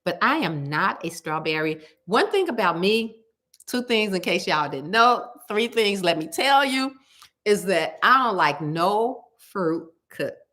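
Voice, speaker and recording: A woman's voice: mid-range voice, expressive, unhurried, bright, forceful tone. A woman chatting casually and emphatically to her viewers about food. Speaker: cooking vlogger.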